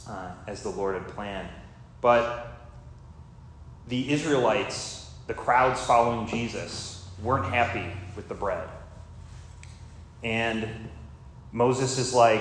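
A man delivers a relaxed, unhurried sermon, talking the way he would in conversation and wandering into side stories. His voice rings out through a heavily reverberant room, with a faint hum of ambience underneath. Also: on the low side. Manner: conversational, rambling with fillers and asides. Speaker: preacher.

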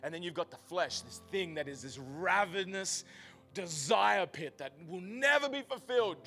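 A male pastor with a high, bright, ringing voice preaches a sermon to a live congregation. He moves between loud, emphatic bursts and a softer, earnest delivery, with faint music underneath. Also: expressive, normal speed. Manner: dynamic preaching, rising to loud emphatic peaks; drops to a quiet, earnest close. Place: church service before a congregation.

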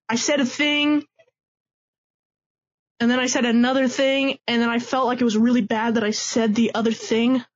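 A man co-hosting a casual chat, goofing around with over-the-top, rambling fake apologies. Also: extremely high pitch. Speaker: co-host. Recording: dull lo-fi borrowed mic.

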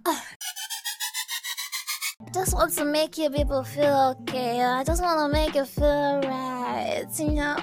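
A high-pitched young woman with a Nigerian accent talks to her followers in a relaxed, unhurried vlog, giggling and peppering her talk with fillers. Soft music plays faintly behind her. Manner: playful, giggly, lots of "like" fillers, slips into pidgin. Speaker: vlogger. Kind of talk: casual hyped vlog chat.

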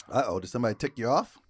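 A man co-hosting a podcast, reacting to a story with frequent interjections and laughs. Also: medium pitch. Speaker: podcast co-host. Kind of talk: casual chat, reacting.

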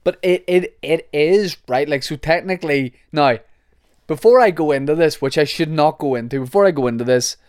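A man's voice: fairly high pitch, moderate pace, a little mellow, smooth, no echo, clean studio sound. A young Northern Irish man hosting a podcast, chatting casually in a rambling, jokey way with many restarts. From Northern Ireland. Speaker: podcast host. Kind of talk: casual chat.

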